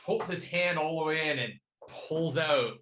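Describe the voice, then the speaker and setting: A man's voice: a little high, moderate pace, sharp tone, low-quality recording. A man playing a tabletop game, describing his character's moves in a casual, joking way. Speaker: player.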